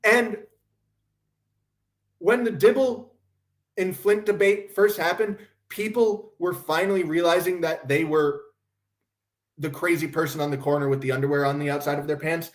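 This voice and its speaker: Male commentary-stream host with a high voice, sarcastic and mocking ranting. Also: steady tone, moderate pace, pauses often. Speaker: podcast host.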